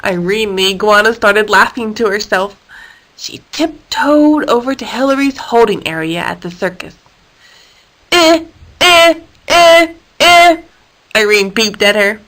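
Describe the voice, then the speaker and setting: A woman reading a children's animal story aloud in a lively, expressive way. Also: mid-range voice, moderate pace, rough recording.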